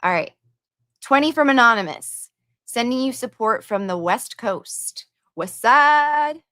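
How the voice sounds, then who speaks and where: A woman's voice: a little high, animated, takes it slowly, pushed and bright, no echo, clean studio sound. A woman hosting a livestream, chatting casually and reading viewer donations and messages aloud with her own asides.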